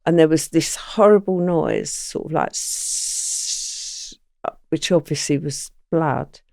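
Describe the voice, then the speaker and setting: Gravelly older woman telling stories. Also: deep voice, normal speed, no room sound, studio quality. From England. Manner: animated storyteller, acts out quoted lines. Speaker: guest. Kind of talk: recounting crime memories in a podcast interview.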